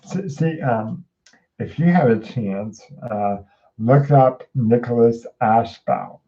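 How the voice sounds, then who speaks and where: Rambling, slow-talking man reading tarot. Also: mid-range voice, dark tone, dull audio, a little hiss or hum. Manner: rambling, many fillers and restarts, chatty with viewers. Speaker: host. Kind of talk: casual livestream tarot reading.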